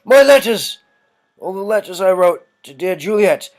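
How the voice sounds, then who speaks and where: A player voicing a betrayed young gentleman in a game, reading his lines theatrically. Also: medium pitch, lively intonation, normal speed, soft background music, voice pushed up, natural voice. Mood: hurt.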